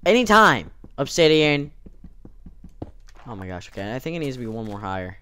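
This is a gameplay host's let's-play commentary: a young man chatting loosely to himself and to the game, with frequent voice cracks. He speaks fairly quickly and expressively in a clear, resonant, mid-range voice.

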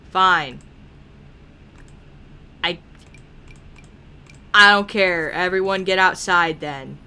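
A woman commentating a life-simulation game she is playing, excitable, swearing freely and laughing often. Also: lowish voice, drawn-out words, long pauses, a little hiss or hum. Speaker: gaming video creator. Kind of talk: let's play commentary.

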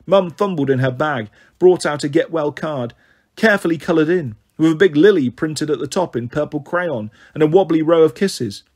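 A man reading a children's novel aloud in steady, plain storytelling with a husky voice. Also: a little high, moderate pace. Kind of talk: audiobook narration.

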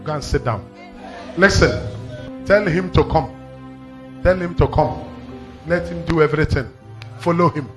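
A Nigerian man preaching a live prophetic sermon with a fairly high voice. He is commanding and emphatic, repeating his phrases and rising into loud shouted declarations. Faint music sits behind him. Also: measured pace, pauses often, low-quality recording. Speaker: pastor.

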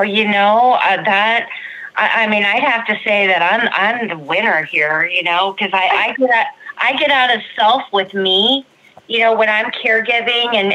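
A woman speaking in a bright, forceful voice, effusive and rambling, often circling back with fillers. The sound is dull and lo-fi, like call audio. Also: mid-range voice. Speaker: guest sharing recovery story. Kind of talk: casual podcast chat.

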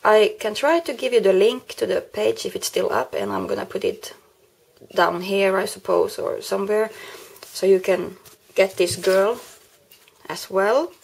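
A woman showing a handmade card she made, unhurried, often pausing to search for the right word. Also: mid-range voice, animated, gravelly, husky. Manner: unhurried, pauses to search for words. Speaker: craft vlogger. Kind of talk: card-making tutorial vlog.

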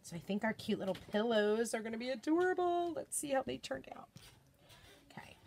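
A woman's voice: a little high, lively intonation, a little fast, gravelly, a little mellow, a little hiss or hum. A woman hosting a live craft demonstration from home, chatting with viewers and reading their comments aloud. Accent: American. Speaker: craft livestream host.

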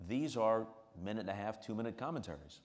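A man interviewing a guest on stage, in a measured way with long framing questions. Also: lowish voice, animated. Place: stage before a live audience. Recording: reverberant hall.

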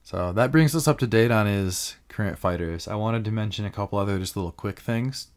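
A man's voice: lowish voice, a little fast. A man co-hosting a podcast, chatting casually about fighting games with frequent laughs and loose filler words. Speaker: podcast co-host.

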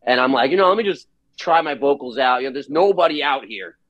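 A man's voice: mid-range voice, fast talker, no echo, dull audio. A man from New Jersey, a guest musician in casual chat, telling stories and acting out the dialogue. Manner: animated storyteller acting out quoted dialogue.

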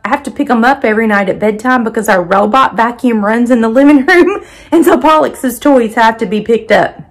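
A woman's voice: a little high, a little fast. A woman, chatting casually to her viewers and her dogs at home, laughing often. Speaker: vlogger, dog owner. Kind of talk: casual vlog narration talking to her dogs. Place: home and backyard.

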